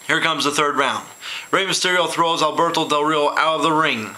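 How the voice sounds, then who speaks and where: A man with a very bright, forward tone talks through his review in a casual, opinionated way. His pitch sits a little high for a man, and he drops in sarcastic asides as he goes. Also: normal speed, poor audio. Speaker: wrestling show reviewer.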